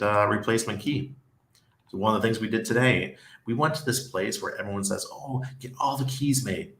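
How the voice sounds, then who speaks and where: In an echoey room, a man who lives in Panama hosts a casual live stream, reading out viewer comments and chatting in a rambling way. He restarts often and laughs frequently, with a lowish voice and a fairly bright tone.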